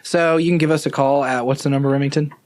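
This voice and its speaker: Dry, teasing podcast co-host. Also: male voice, fairly high pitch, fairly even intonation, fast talker, darkish tone. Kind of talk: casual chat.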